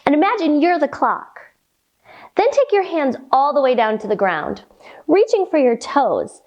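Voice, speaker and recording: A young woman leads little kids through yoga in a high voice that swoops up and down. She talks slowly, in a cheerful sing-song, and breaks into rhymes and playful animal noises. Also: big pitch swings, darkish tone, dull audio. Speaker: kids' yoga teacher. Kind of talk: guided children's yoga with rhymes.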